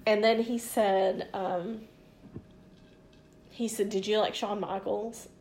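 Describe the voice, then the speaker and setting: A woman's voice: medium pitch, fairly even intonation, slow, vocal fry, darkish tone, slight background noise. A woman in her forties tells a story in a loose, rambling way, with plenty of asides. She swears freely and acts out both sides of a conversation in her own voice. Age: 40s. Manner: rambling, loose, swears freely, quotes others in back-and-forth. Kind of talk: casual storytelling chat.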